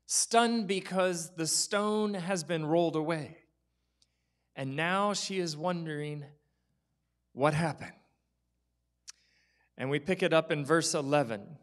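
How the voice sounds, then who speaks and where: High-voiced pastor preaching with drama. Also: male voice, slow, long pauses. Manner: storytelling, acts out quoted voices, drops to whispers. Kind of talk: sermon. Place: church.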